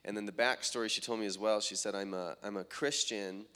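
A man telling testimonies of prayer meetings and healings, often quoting people in a raised, excited voice. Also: fairly low pitch, a little fast, smooth. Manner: animated retelling, quoting others in raised voice. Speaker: traveling minister. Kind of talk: testimony storytelling.

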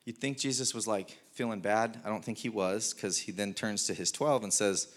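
A man's voice: fairly low pitch, moderate pace, few pauses. Laid-back preaching man, chatty and joking. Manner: casual, filler-heavy, rhetorical questions, laughs at own jokes. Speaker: pastor. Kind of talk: conversational sermon. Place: church stage before a congregation.

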